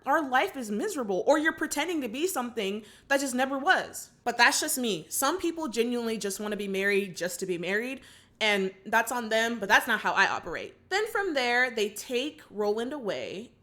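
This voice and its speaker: A woman's voice: a little high, pushed and bright. A young woman hosting a movie reaction channel, retelling the film and giving her opinions to viewers in a chatty, casual way. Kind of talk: casual film recap and commentary.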